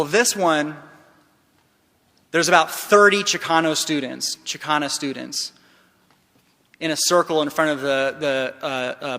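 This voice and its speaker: In a large hall, a man gives a keynote talk, with a long reverb trailing his voice. His tone is bright and forceful, pitched a little high for a man. He tells stories with passion, moving between hushed passages and loud ones.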